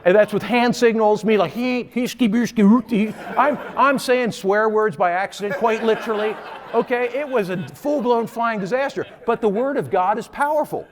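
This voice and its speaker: A man's voice: high voice, moderate pace. A middle-aged man preaching as a guest, telling a humorous story with frequent laughter and mimicked voices. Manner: animated, laughing often, mimics voices in quoted lines. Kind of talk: storytelling sermon.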